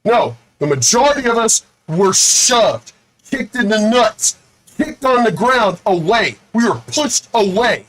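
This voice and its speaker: A man's voice: sits high, big pitch swings, a little slow, fairly bright tone, low-quality recording. A man hosting his own video, delivering an angry, profane rant with lots of repetition. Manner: says he is angry and fed up. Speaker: video host.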